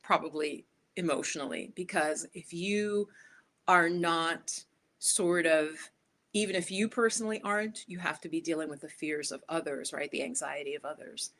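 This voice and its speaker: A woman's voice: sits low, steady tone, moderate pace, fairly bright tone. A woman life coach giving a casual, chatty motivational talk, speaking directly to her viewers.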